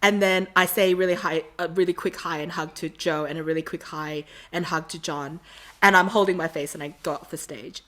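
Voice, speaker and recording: A woman guest on a podcast, telling a story in a casual, animated way and acting out the quotes. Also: lowish voice.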